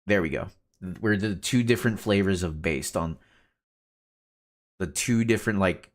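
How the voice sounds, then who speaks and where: A man's voice: low voice, moderate pace, pauses often. A man streaming a game, chatting casually with his chat and laughing often. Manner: laid-back, laughs often, reads chat aloud.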